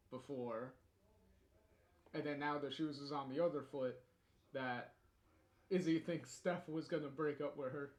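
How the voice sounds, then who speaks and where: Slow, rambling man in an echoey room. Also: medium pitch. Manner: rambling, hesitant, with many fillers and chuckles. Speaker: co-host commenting on the story. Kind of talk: casual commentary.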